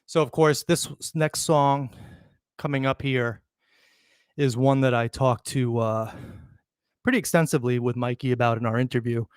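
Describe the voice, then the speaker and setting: A man's voice: medium pitch, fairly even intonation, normal speed, clean tone, no room sound. A man hosts a casual spoken tribute, still out of breath as he talks. His delivery is loose and rambling, full of fillers and false starts. The sound is dry and close, with no room around it. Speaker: show host. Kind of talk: informal spoken tribute between songs.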